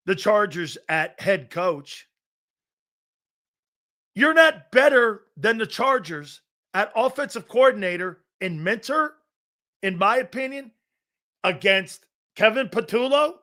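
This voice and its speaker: On a live sports talk show, a high-pitched male host with a bright, edgy voice delivers blunt, profane opinions, mocking players and coaches in a brash, cutting way. He is very animated yet speaks slowly and pauses often.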